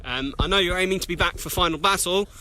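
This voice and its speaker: A man's voice: high-pitched, fast, bright, forceful tone. Polite British-accented male interviewer. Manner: polite, formal and hesitant. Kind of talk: formal interview questions.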